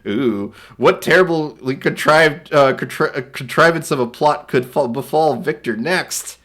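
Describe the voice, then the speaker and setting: A young man streaming, casually reacting to viewer art and reading its captions aloud, laughing often and slipping into quick silly voices. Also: fairly high pitch, a bit bright.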